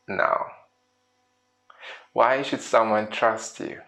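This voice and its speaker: A male speaker and coach gives a lively storytelling presentation, asking the audience questions and acting out little scenes in quoted voices. His mid-range voice is slow, and he pauses often.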